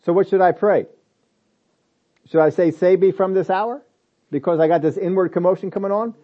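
Emphatic high-voiced male preacher. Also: moderate pace, lo-fi sound. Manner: emphatic, repeats phrases, rhetorical questions. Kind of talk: sermon.

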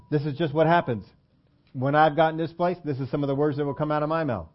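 A man with a fairly high voice preaches in an easy, conversational way, teasing himself and turning to the congregation with questions. The recording is dull and lo-fi. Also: a little fast. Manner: conversational, self-deprecating, asks the congregation questions. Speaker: pastor. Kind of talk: sermon. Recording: dull lo-fi sermon audio.

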